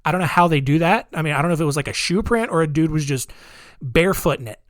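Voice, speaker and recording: A man's voice: a little high, quick pace, no echo, studio quality. A man hosting a podcast, telling a true-crime story in a rambling, jokey way full of asides. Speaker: podcast host.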